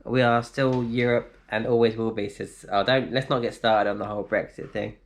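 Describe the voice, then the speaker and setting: A man's voice: medium pitch, fairly even intonation, moderate pace. Chatty man answering live chat. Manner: chatty, reads out comments and replies, laughs easily. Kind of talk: casual live stream chat. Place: indoors in a flat.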